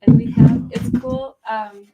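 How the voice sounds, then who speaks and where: A woman's voice: high-pitched, big pitch swings, measured pace, narrow, tinny audio, heavy background noise. A woman co-hosting an art auction stream, giggly and encouraging, reading out comments and bids. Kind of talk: casual live-stream chat.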